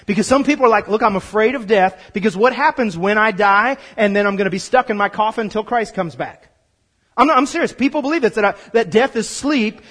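Emphatic high-voiced preacher man. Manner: emphatic, repeats words, swings from quiet to loud. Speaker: pastor. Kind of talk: sermon.

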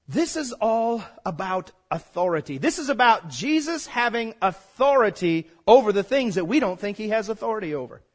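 A man's voice: high voice, big pitch swings, normal speed, few pauses. A man preaching a sermon as pastor, conversational and folksy, prompting the congregation to call back.

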